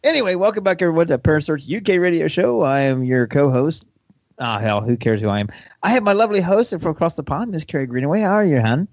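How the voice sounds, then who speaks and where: A man's voice: on the high side, expressive, quick pace, darkish tone, dry recording. A man from Ohio co-hosting a radio show, joking and laughing through casual chat. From Ohio, USA. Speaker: co-host. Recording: slightly muffled dry sound.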